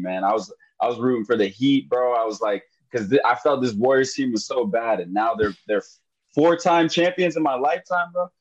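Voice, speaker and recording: A man with a somewhat low voice talks in a casual sports podcast chat. He is emotional and rambling, stumbling and repeating himself. The sound is dull and lo-fi. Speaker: podcast co-host.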